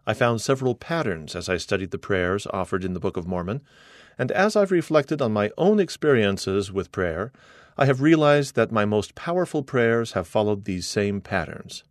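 A middle-aged man reading an article aloud as scripted narration, earnest and measured, quoting scripture. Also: on the low side, lively intonation, dry recording, studio quality.

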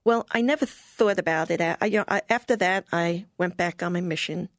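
An older woman being interviewed, telling a personal story in a lively way and often laughing. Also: lowish voice, a little fast, dry recording, studio quality.

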